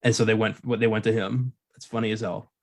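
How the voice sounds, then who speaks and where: A man's voice: lowish voice, quick pace, gravelly. A man in casual podcast chat, swearing freely and laughing often. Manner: profane, animated, laughs often.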